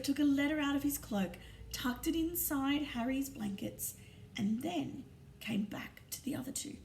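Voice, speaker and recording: A woman reading a storybook aloud in an expressive, often hushed narrating voice. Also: high-pitched, a little slow, vocal fry, a little hiss or hum. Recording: roomy echo, distant mic, faint ambience.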